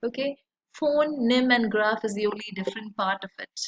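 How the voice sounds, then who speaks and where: A woman, teaching a lesson in a slow, deliberate way, with many fillers. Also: a little high, dull audio. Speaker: English teacher. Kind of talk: recorded lecture.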